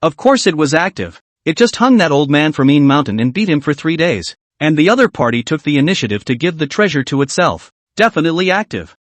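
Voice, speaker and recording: A man's voice: on the high side, big pitch swings, a little fast, few pauses, dry recording. A man giving a scripted, storytelling narration of a fantasy novel.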